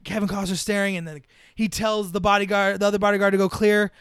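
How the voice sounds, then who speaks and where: A man's voice: high-pitched, quick pace. A man co-hosting a casual movie chat, retelling scenes with swearing and acted-out lines. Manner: animated retelling, acts out scenes, swears freely. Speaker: podcast co-host.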